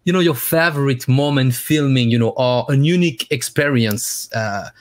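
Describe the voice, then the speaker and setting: A man hosting an online interview. He speaks in English with eager enthusiasm. He pauses and restarts often, leaning on filler phrases. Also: medium pitch. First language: French. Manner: enthusiastic, halting, many "you know" fillers. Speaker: interview host. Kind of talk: casual interview chat.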